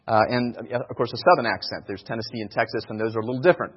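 Earnest husky man preaching in a hall. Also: medium pitch, steady tone, racing. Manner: earnest, repeats key phrases for emphasis. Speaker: speaker teaching evangelism. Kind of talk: informal sermon talk. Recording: dull sound in a reverberant hall.

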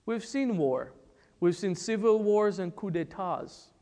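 A man from the Republic of the Congo preaching a sermon, emphatic and full of rhetorical questions and pauses. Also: high voice, animated, warm tone. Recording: long church-hall reverb.

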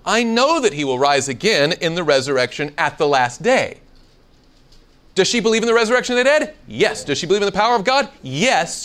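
A man teaching a Bible seminar to a live audience, asking questions and acting out the quoted lines. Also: a little high. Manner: animated, asks the room questions, acts out quoted lines.

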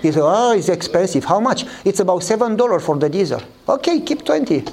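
A man preaching a sermon, telling a story and acting out the dialogue with lively voices. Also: fast talker. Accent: Eastern European. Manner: animated storytelling, acts out dialogue in a higher voice.

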